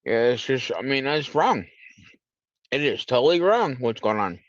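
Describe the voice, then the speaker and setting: A man's voice: mid-range voice, very animated, normal speed, no echo. A man hosting a live stream who rants angrily about the country and greets callers, repeating himself and swearing. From United States. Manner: irritated, repetitive, swearing. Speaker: livestream host. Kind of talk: angry political rant and call-in chat. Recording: dull lo-fi stream audio.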